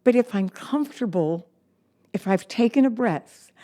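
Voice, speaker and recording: A woman's voice: a little high, lively intonation, mellow. A middle-aged woman teaching singing, speaking encouragingly and reading from her notes. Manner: slow, encouraging, reads aloud and sings examples. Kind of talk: singing lesson with demonstrations.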